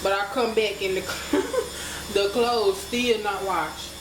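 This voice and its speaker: A chatty woman from the United States talks her viewers through a home-cooked meal and keeps calling them y'all. Her voice sits at a middle pitch. The kitchen rings with echo, and steady background noise carries under her talk. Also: unhurried. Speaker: cooking vlogger. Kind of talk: casual cooking vlog.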